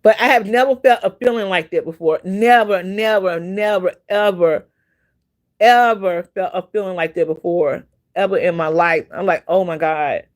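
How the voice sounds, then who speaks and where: A woman's voice: on the low side, moderate pace. A woman hosting a casual livestream, telling a long personal story in a rambling, repetitive way with many fillers and breaking off to greet viewers by name. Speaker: livestream host.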